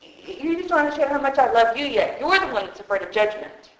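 A woman voicing a loving God who gently reassures his frightened child. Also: high-pitched, lively intonation, fairly quick. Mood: reassuring. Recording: echoey hall.

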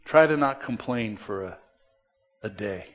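Slow, emphatic male pastor preaching. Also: fairly low pitch, animated. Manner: emphatic, swings between loud stresses and soft drops; conversational, with restarts and asides to the congregation. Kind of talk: sermon.

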